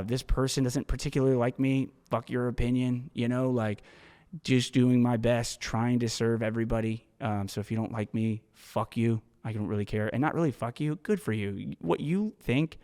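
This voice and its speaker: A man hosting a solo podcast, telling a story in casual, profane, animated monologue. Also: medium pitch, normal speed, in a large hall. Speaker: podcast host.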